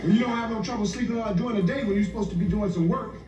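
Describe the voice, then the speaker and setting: A man's voice: sits high, very fast, dull audio, heavy background noise, close to an everyday voice. A man playing an exasperated grown sitcom son. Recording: roomy sitcom soundtrack from far off.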